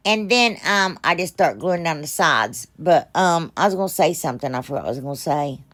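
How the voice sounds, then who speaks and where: A woman's voice: deep voice, animated, a little fast, a bit bright. A middle-aged woman, narrating her craft project in a rambling, chatty, self-deprecating way full of fillers. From United States. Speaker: craft channel host. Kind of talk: casual crafting voice-over.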